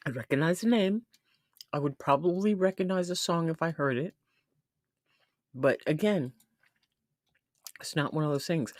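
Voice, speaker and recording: A woman's voice: sits low, dry recording, studio quality. A woman hosting a casual live stream who chats freely, laughs often and reads comments from the chat aloud. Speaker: livestream host.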